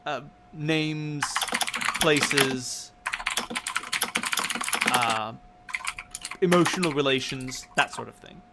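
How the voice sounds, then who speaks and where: A man's voice: medium pitch, extremely slow, long pauses, very noisy. A man narrating casually as game master of a tabletop game, with some hesitation.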